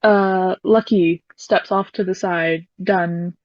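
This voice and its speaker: A woman narrating as game master of a tabletop game, describing scenes in a relaxed way. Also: lowish voice, slow, dry recording, lo-fi sound.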